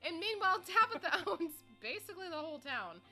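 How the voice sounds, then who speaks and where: A woman's voice: extremely high pitch, sing-song, brisk, over music. A tipsy woman streaming a game, chatting casually and laughing often. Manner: giggly, laughs a lot. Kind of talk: casual let's-play chat.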